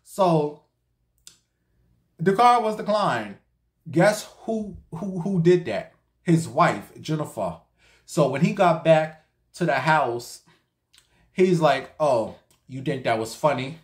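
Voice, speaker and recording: A man's voice: on the high side, expressive, slow, pauses often. A man telling a gossip story in a sassy, profane, slangy way, addressing his viewers directly. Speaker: storytime vlogger. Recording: echoey room.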